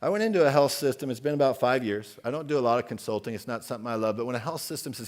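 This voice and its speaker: A man's voice: mid-range voice, rapid-fire, a little mellow. A man in his forties delivers a conference keynote with a mid-range voice. He is outspoken and emphatic, and he keeps turning to the audience with pointed questions. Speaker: keynote speaker.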